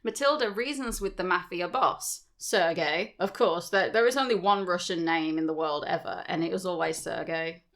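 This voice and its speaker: A woman's voice: lowish voice, moderate pace, gravelly, a bit bright. Chatty woman retelling a story. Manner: chatty, swears casually, laughs at her own asides. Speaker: podcast co-host. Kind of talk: casual chat retelling a story.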